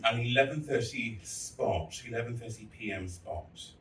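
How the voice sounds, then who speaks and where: A man's voice: mid-range voice, lively intonation, a little slow, fairly bright tone, a little hiss or hum. A man giving a candid, storytelling speech to fellow artists, with blunt and crude humor. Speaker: festival speaker. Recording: echoey hall, voice from far off.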